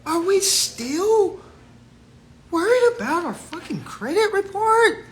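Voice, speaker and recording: A man with a high, bright voice tells a story straight to his viewers, jumping from loud outbursts to low asides. His pitch swoops all over the place, and he laughs often as he talks. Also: slow. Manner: excitable, swings between shouting and muttering, laughs often. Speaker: host of a consumer advice channel. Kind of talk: casual storytelling rant to viewers.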